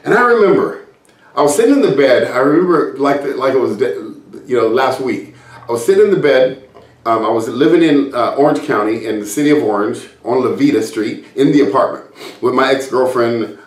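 A man telling a personal story as a motivational business speaker, acting out past conversations with restarts along the way. His voice sits at an ordinary pitch. It reaches the mic from some distance in a room with noticeable echo. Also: animated, normal speed. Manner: acts out remembered conversations, with restarts.

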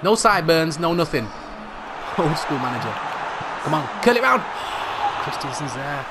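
A young man commentating live on his own football video game match, excitable and jokey, swearing mildly and shouting at near misses. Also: a little high, unhurried, very noisy. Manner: excitable, shouts at big moments; calls players "brothers", mild swearing. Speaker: gaming YouTuber.

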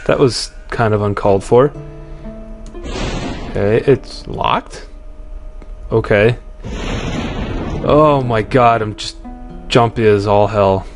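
A man's voice: fairly low pitch, a little slow, pauses often. Jumpy guy playing a creepy game, swears a lot, reads the text out, game music behind. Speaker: let's play commentator. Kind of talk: horror game commentary.

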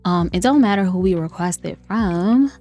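A woman's voice: on the low side, moderate pace, dark tone. A woman giving casual, playful let's-play commentary. She talks straight to her viewers, teases the game characters and laughs often. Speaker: gameplay streamer. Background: faint lo-fi music.

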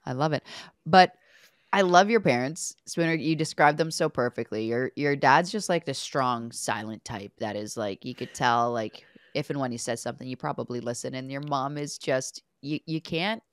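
A woman's voice: very deep voice, moderate pace, clean tone, no echo, studio quality. A woman co-hosting a casual podcast, telling stories with energy and acting out the lines she quotes. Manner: animated storyteller who acts out quoted lines. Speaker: podcast co-host, former hockey player.

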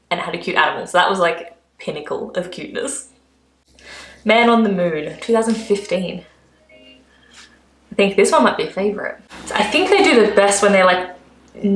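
Chatty Australian woman in a roomy space. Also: mid-range voice. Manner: chatty and gushing, full of "like" fillers. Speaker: vlogger. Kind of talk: casual reaction commentary.

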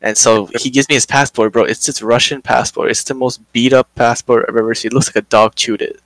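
A young man hosting a podcast, telling a work story in casual, animated chat, swearing a lot and acting out quotes. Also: mid-range voice, brisk, no echo, rough recording.

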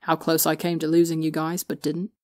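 A woman's voice: low voice, monotone, a little fast, no room sound, clean studio sound, close to an everyday voice. A woman voicing a brash teenage boy, a blunt and sweary little brother who mumbles when sleepy. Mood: quiet.

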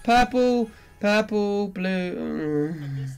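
A gaming video creator reacting while opening loot boxes. They swing between glum muttering, pleading with the game, and excited shouting. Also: medium pitch, slow, vocal fry, soft background music.

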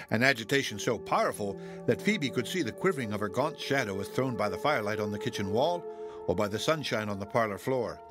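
A male audiobook narrator reading a classic novel in a measured, expressive voice, slowing down on solemn phrases. His voice sits in a middle pitch. Quiet music plays underneath. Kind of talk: scripted narration.

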